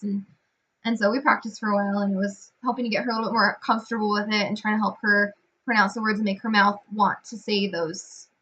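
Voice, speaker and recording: A young woman giving a field report as a student teacher, explaining learners' pronunciation in a relaxed way with many ums and restarts. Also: mid-range voice, husky. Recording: dull lo-fi recording.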